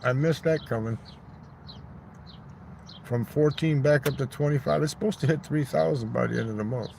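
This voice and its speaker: Gravelly man rambling on a park livestream. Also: medium pitch, normal speed, darkish tone, a little hiss or hum. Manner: rambling, crude joking, talks back to chat. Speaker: livestream host. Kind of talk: rambling casual livestream chat. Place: outdoors in a neighborhood park.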